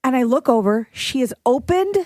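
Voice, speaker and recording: Rich: A woman co-hosting a podcast in animated, casual chat, acting out each quote as she tells a story. Her voice sits slightly high and sounds close and dry on a studio mic. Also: moderate pace, no room sound. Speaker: podcast co-host.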